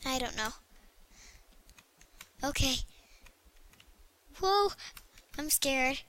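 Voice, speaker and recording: A young female gaming video creator chatting excitably to herself while she plays. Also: high voice, very slow. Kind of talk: casual gameplay commentary.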